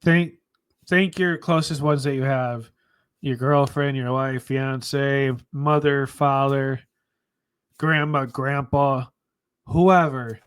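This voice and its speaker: A man speaking slowly and earnestly in a casual memorial chat, halting with many ums, close to his desk mic. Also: mid-range voice, fairly even intonation, clear, resonant tone. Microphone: close desk mic on stream.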